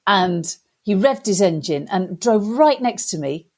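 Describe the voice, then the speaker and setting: A woman with a British accent, a guest in an interview, telling a funny story in a lively way and acting out the voices of the people in it. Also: mid-range voice, unhurried. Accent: British English. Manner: lively animated storyteller, acts out quotes.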